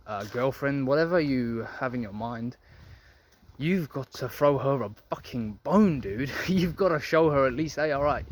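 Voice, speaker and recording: There's slight background noise behind this young adult man's mid-range voice. Speaking to camera as a men's self-improvement vlogger, he delivers a blunt, profane, preachy lecture on dating, calling the men watching gentlemen.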